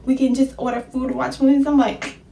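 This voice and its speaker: A young woman telling a casual storytime tale, slangy and animated, jumping into high excited bursts when she quotes people. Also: brisk, creaky, roomy sound, recorded from a distance, a little hiss or hum.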